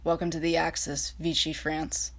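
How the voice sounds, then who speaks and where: Girl reading a smug cruel dictator guy, lowish and flat, bossy and mocking. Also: moderate pace. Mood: menacing. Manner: cold, mocking, commanding. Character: cruel mocking male dictator personifying the Reich.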